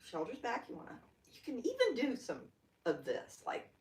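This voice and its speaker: An older woman with a Southern US accent, leading a gentle yoga class in a folksy, chatty way with playful asides. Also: a little high, huge pitch swings, normal speed. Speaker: yoga instructor. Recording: roomy, from a distance off-mic.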